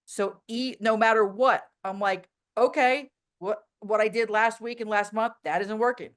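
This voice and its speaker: A woman guest in a casual interview, talking bluntly and telling animated stories with plenty of fillers. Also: fairly high pitch, normal speed.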